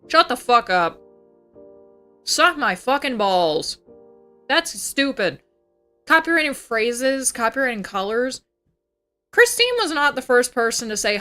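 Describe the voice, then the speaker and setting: A woman's voice: a little high, big pitch swings, unhurried, long pauses, sharp tone, faint music behind. A young woman streaming as a VTuber, ranting in a casual, profane, heated way and slipping into mocking voices. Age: young adult. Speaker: VTuber livestreamer. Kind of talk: casual ranting livestream chat.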